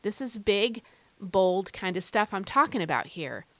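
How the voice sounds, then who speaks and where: A woman's voice: mid-range voice, sing-song, measured pace, no room sound. A woman teaching a devotional message with strong emphasis and a habit of repeating key phrases. Her voice sits in a middle register and she addresses the listener directly as a friend. The recording is close and dry, with no room sound. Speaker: devotional podcast host.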